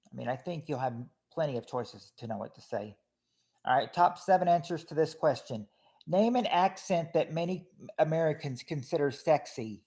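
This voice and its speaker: A man's voice: a little high, expressive, moderate pace, a little mellow. A man casually hosting a family game show on a livestream, reading out viewers' answers and names, with a lot of hesitant restarts. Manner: chatty, reads chat names, hesitant restarts.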